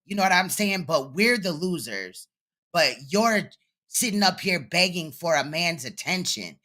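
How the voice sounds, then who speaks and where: A man's voice: a little high, sharp tone. A man hosting reaction commentary, sounding incredulous and firing off rhetorical questions. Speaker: commentary host.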